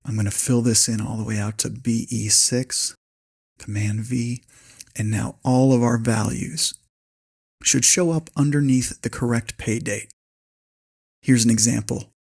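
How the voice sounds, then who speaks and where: A man hosting a spreadsheet tutorial, calmly dictating a long formula step by step. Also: medium pitch, a little slow, gravelly, breathy edge. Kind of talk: screen-recorded software tutorial.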